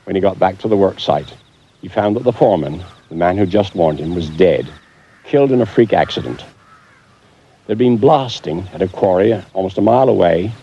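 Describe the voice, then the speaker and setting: A man presenting a documentary, telling a story in a measured, deliberate way. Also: sits low, warm tone, dull audio, a little hiss or hum. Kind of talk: scripted documentary narration.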